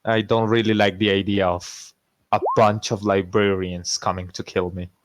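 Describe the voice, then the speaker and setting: A man's voice: on the low side, level tone, moderate pace, background noise. A man playing in an online tabletop game, chatting playfully and laughing often. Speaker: player. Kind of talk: casual role-play chat.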